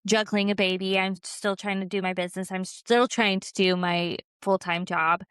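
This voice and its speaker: A young woman talks in a smooth, clear voice, chatting candidly on a podcast. She leans on fillers and swears casually. The sound is dry and close. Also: mid-range voice, fairly even intonation, moderate pace, a bit bright, no room sound. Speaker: podcast co-host and small craft business owner. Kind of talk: casual chat.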